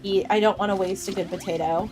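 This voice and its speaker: A woman in her thirties chatting casually with her chat while streaming a game, bubbly and quick to laugh. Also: mid-range voice, fairly even intonation, over music. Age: 30s. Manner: giggly and bubbly, laughs often.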